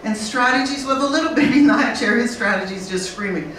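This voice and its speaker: A woman speaking on a conference panel in a lively, blunt way, acting out learners and babies. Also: fairly high pitch, fast. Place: conference room. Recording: very echoey room from far off, faint noise.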